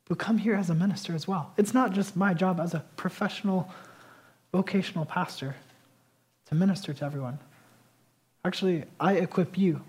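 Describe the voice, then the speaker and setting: This pastor's voice is high-pitched and a little rough as he delivers his sermon, moving back and forth between forceful declarations and quiet, chatty asides.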